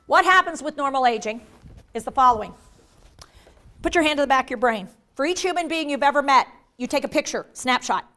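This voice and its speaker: A woman giving a lively live workshop on dementia care, acting out inner voices and joking with the audience. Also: high voice, a little fast, faint music behind. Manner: animated, acts out inner voices, jokey asides to the audience.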